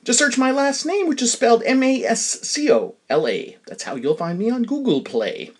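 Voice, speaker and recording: A man hosting his own podcast, telling a funny everyday story with wry, deadpan humor and playful bursts. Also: very high-pitched, moderate pace, slightly rough. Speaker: podcast host. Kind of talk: comic storytelling monologue.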